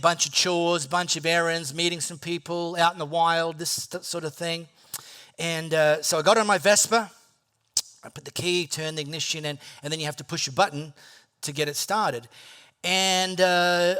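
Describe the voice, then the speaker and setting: A man preaching a sermon, telling personal stories in an animated, playful way and acting out his own reactions. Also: high voice, clean tone. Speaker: pastor.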